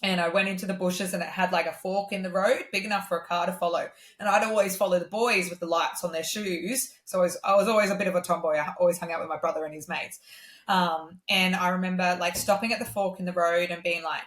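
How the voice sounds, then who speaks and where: A woman's voice: lowish voice, steady tone, fast, fairly bright tone. A woman, a guest singer-songwriter talking candidly in a casual conversation, telling her stories in an earnest way. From Australia. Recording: roomy echo.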